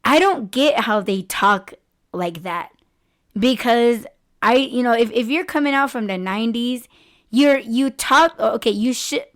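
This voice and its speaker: A woman's voice: a little high, measured pace, a bit bright. Chatty, giggly woman around forty. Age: about 40. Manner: rambling, laughs often, trails off and restarts. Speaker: podcast co-host. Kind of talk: casual chat.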